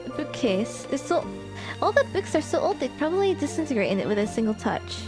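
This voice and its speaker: A woman's voice: high voice, big pitch swings, brisk, music in the background. A woman streamer reading game text aloud and reacting expressively, exclaiming and laughing between passages.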